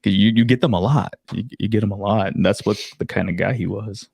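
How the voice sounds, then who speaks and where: A man's voice: on the low side, quick pace, creaky, darkish tone, husky, no echo. A man in casual podcast chat, crude and rambling with restarts.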